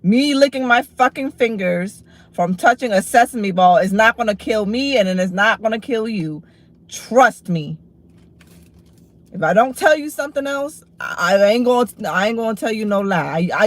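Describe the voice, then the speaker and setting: A woman's voice: medium pitch, normal speed. Blunt, profane woman livestreaming over food. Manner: blunt and profane, snapping back at chat; relaxed, chatty when describing food. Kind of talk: casual livestream chat while eating.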